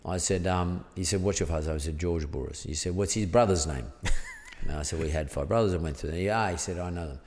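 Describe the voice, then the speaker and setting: A man's voice: deep voice, fast, few pauses, darkish tone, big-room sound, slight background noise. An Australian man, a podcast guest, telling a story in a rambling, casual way full of fillers. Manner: rambling, peppered with "blah, blah, blah" and fillers.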